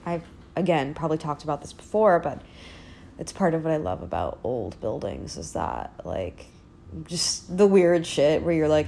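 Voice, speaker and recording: Low-voiced woman rambling candidly. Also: big pitch swings, normal speed, gravelly, mellow, slight background noise. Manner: candid, self-deprecating, rambling with fillers and profanity. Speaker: podcast host. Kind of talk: casual solo chat. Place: old apartment, indoors.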